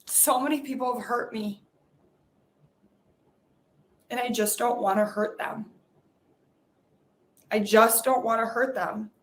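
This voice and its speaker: A woman's voice: a little high, fairly even intonation, slow, pauses often. A woman hosting a podcast, leading a guided emotional release exercise and voicing her hurt and frustration aloud in a raw, unfiltered way. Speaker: podcast host.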